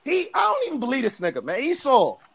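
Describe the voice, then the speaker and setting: A man from New York with a New York accent, trash-talking loudly and boastfully as a guest on a livestream call. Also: very high voice, huge pitch swings, fast talker, gravelly, breathy edge. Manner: brash, boastful, loud. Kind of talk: heated livestream trash talk.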